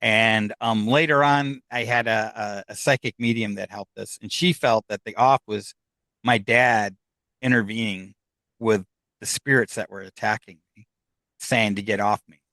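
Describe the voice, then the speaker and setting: A man's voice: lowish voice, fairly even intonation, moderate pace, sharp tone, no echo. A middle-aged American man, a guest, telling a long personal story casually and acting out what other people said. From United States.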